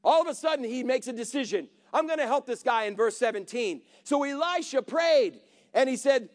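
Brief: male preacher, very high voice, animated storytelling sermon with calls to the congregation. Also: normal speed.

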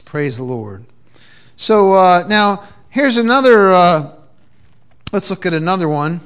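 A man's voice: sits high, sing-song, slow, fairly bright tone, smooth. A man preaching a sermon with call-and-response cues and frequent repeated restarts, from New England. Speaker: pastor. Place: church.

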